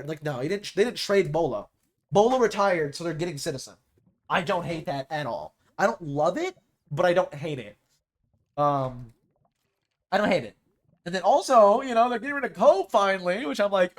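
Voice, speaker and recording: Young man, high voice, casual streamer chat, rambling, restarts a lot. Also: lively intonation, a little fast. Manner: rambling, restarts often, says "dude" and "like".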